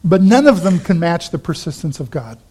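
A man pastor preaching a sermon, animated, acting out the Bible characters in quick asides. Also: fairly high pitch, slightly rough.

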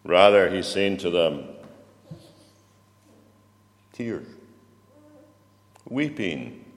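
A man preaching a sermon in a church, slow and reflective, often turning questions to the congregation. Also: low-pitched, lively intonation. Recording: long reverb of a church hall.

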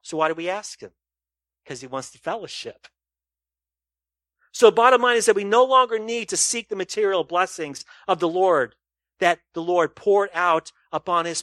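A man's voice: high voice, no room sound, studio quality. Man preaching with rising, pressing questions. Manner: rhetorical questions to the congregation, swings loud and soft. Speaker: pastor. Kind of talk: sermon.

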